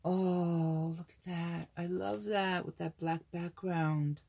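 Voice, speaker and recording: Older american lady unboxing craft papers, low husky voice, slow and gushy, lots of little gasps. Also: steady tone, darkish tone. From United States. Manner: gushing, gasping with delight. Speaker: crafting channel host. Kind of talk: casual unboxing chat.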